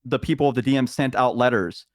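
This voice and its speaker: A man tells a story in a rambling way, with plenty of fillers and restarts. His voice sits at a middle pitch. The recording is close and dry. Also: fast, no room sound. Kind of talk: casual chat.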